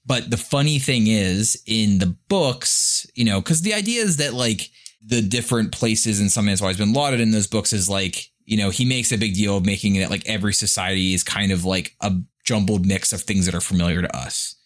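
A man co-hosting a podcast in casual chat, rambling with lots of fillers, a little profane and quick to chuckle. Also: lowish voice. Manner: profane and playful. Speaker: podcast co-host.

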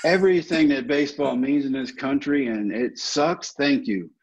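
Husky guy in his 50s telling stories on a podcast, acts out quotes, kinda dull lo-fi audio. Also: medium pitch, moderate pace. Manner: animated anecdotes with acted-out quotes. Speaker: guest, former baseball player. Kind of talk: storytelling interview.

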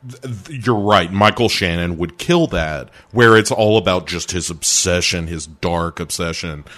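A man co-hosting a casual movie chat, making wry, sarcastic asides and quick impressions of characters. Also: deep voice, a bit bright. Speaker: podcast co-host.

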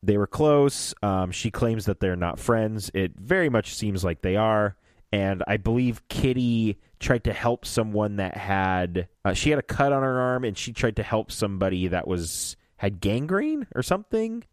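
A man's voice: lowish voice, moderate pace, clear, resonant tone, no room sound, clean studio sound. A man co-hosting a podcast, chatting casually and retelling scenes with frequent laughs. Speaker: podcast co-host. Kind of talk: casual chat recapping an audio drama.

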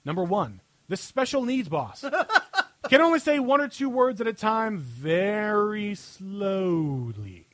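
Very high-pitched and highly animated, this man hosts a podcast and reads a satirical piece in a sarcastic tone, laughing frequently. His pace is moderate, his tone fairly bright, and there's no room sound.

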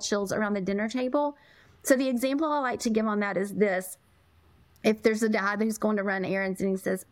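A woman's voice: medium pitch, steady tone, fairly quick, no room sound. Earnest woman on a podcast, speaks with emphasis, pretty dry close sound. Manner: earnest, emphatic, repeats words. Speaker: podcast guest, parenting coach. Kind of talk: conversational interview.

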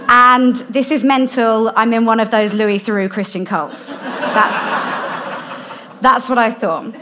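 A young woman, a guest in an interview, candidly telling a personal story in casual, animated storytelling with frequent laughs. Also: fairly high pitch, measured pace, crowd noise. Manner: candid, animated, laughs often, drops softer in heartfelt parts.

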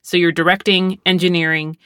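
Bright, lively writer-guest voice, animated storytelling, dry mic. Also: mid-range voice, brisk, clear, resonant tone, no echo. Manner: lively storyteller, acts out quotes, laughs often. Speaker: script supervisor and writer. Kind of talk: casual podcast chat. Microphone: close studio mic.

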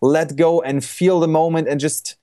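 A man's voice: on the high side, steady tone, moderate pace, dark tone. A young man talking casually on a podcast about photography, loose and rambling, with lots of restarts and fillers.

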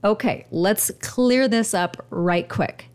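A woman's voice: medium pitch, slow pace, darkish tone, smooth. A woman host giving casual advice talk, speaking directly and conversationally to her listeners. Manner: direct, conversational, quotes others in asides.

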